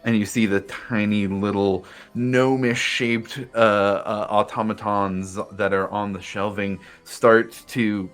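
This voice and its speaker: A man's voice: on the low side, fairly even intonation, slow, hardly any pauses, fairly bright tone, soft background music. A man narrating a tabletop game as game master, describing scenes loosely with fillers.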